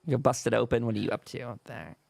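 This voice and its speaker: Gravelly-voiced man running a tabletop game. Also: mid-range voice, steady tone, quick pace, a little mellow, no room sound. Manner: rambling, lots of restarts. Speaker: game master.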